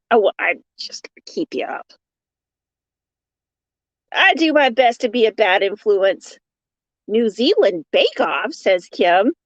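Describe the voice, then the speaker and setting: Recorded on a phone with dull, lo-fi sound and no echo, a woman with a slightly high voice hosts a relaxed crochet livestream. She chats and laughs, reading comments and saying hello to viewers by name.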